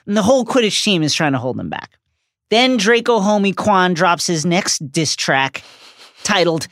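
Playful woman with a lively, bouncing voice. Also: medium pitch, moderate pace, no room sound, studio quality. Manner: playful, jokey narration with slang asides. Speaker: podcast co-host. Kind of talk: scripted book recap.

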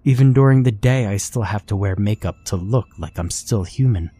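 A man voicing a young woman turned into a bleeding winged creature, speaking softly and sadly in a weak whisper. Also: lowish voice, moderate pace, natural voice. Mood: sorrowful. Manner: soft, weak, sad whispering.

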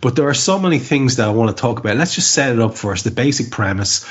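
A man co-hosting a podcast, chatting casually about a film, animated and often restarting with stammered repeats. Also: medium pitch, fast, husky, highs cut off. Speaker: podcast co-host. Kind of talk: casual film review chat.

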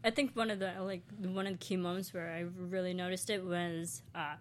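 A woman's voice: fairly low pitch, little pitch movement, fairly quick, slight background noise. A woman co-hosting a casual movie review chat, talking with enthusiasm and saying "like" often. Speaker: podcast co-host.

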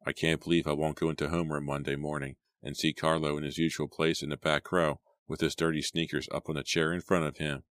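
A man voicing a quiet, solemn teenage boy. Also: a bass voice, flat delivery, quick pace, few pauses, dry recording.

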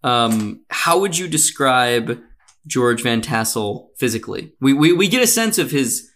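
A man hosting a podcast, telling a story from a script in a relaxed, casual way with many fillers. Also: mid-range voice, unhurried. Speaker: podcast host.

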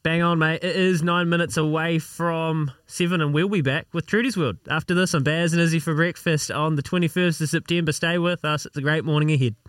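Easygoing New radio co-host. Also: male voice, a little high, fairly even intonation, brisk, few pauses, fairly bright tone, clean tone, no room sound, clean studio sound. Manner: easygoing, chatty. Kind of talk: casual breakfast radio chat.

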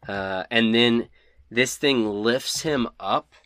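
A man narrating a tabletop game as game master, relaxed and laughing at his bad dice rolls. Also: medium pitch, slow pace, clear, resonant tone, no echo, clean studio sound.

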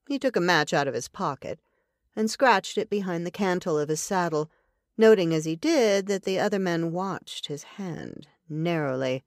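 A woman narrating a western novel as an audiobook in an even, deliberate storytelling manner. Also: on the low side, dry recording, studio quality.

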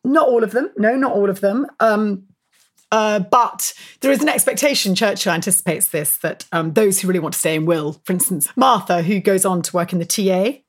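A woman historian, appearing as an interview guest, tells stories conversationally in an animated, emphatic way. Her pitch and loudness rise often, and she peppers her speech with fillers and quick self-corrections.

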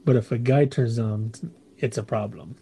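This is a man co-hosting a relaxed home podcast. His voice sits dark and mellow, and he rambles through listener emails with plenty of jokes and laughter along the way. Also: mid-range voice, normal speed, breathy edge. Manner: loose and joking, laughs often, reads listener emails aloud. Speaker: podcast co-host. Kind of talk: casual chat.

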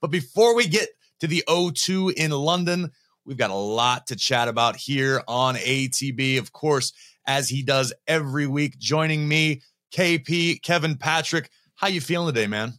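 A man's voice: a little high, a bit bright. A man hosting a wrestling podcast, chatting casually and teasing his co-host. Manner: teasing, quick banter.

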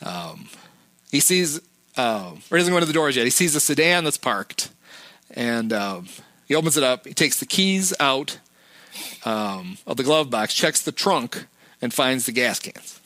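A man retelling a movie plot in a relaxed, rambling chat, dropping fillers as he goes. His voice is bright and forward. The sound is dry and close. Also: medium pitch, a little slow, dry recording. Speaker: podcast host. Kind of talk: casual movie recap.

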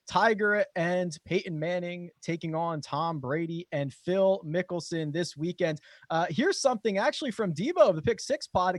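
An upbeat man hosts a sports podcast with a fairly high voice. He introduces guests with easy laughter. The sound is dry and close. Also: no room sound. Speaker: podcast host. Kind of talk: casual podcast chat.

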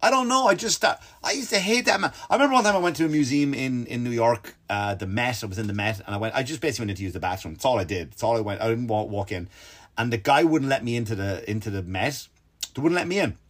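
A man's voice: mid-range voice, expressive, fast talker, a bit bright. A man hosting a podcast, telling rambling stories in a profane, exasperated way and mimicking the people in them. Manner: mimics other people in quoted bits. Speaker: podcast host. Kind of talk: casual comedic monologue.

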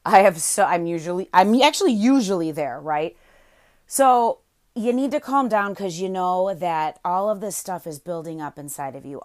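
A woman's voice: fairly low pitch, no room sound, clean studio sound. Forties woman podcast host, sarcastic and upbeat, motivational monologue. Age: 40s. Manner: playful, sarcastic, encouraging.

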